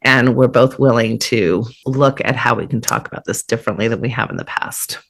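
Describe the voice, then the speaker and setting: A woman's voice: a bass voice, brisk, fairly bright tone. A woman hosting a podcast conversation, explaining in an earnest, thinking-aloud way with frequent restarts. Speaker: podcast host and therapist.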